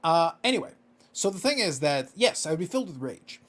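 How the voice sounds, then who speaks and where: A man's voice: a little high, very animated, brisk, fairly bright tone. A man co-hosting a casual podcast, ranting with exasperation and swearing freely. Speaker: podcast co-host.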